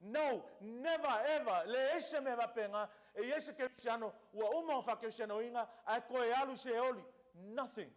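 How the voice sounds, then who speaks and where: A man preaching from the pulpit, his voice sitting high for a man. He hammers his points home with emphatic repetition and moves back and forth between two languages. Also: a little fast, hardly any pauses. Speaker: pastor. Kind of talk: sermon.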